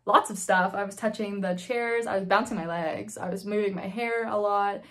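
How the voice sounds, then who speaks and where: A woman's voice: mid-range voice, fairly even intonation, normal speed, fairly bright tone. A woman in her twenties telling a personal story casually, candid and swearing freely. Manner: candid, swears freely, acts out quoted voices. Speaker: vlogger.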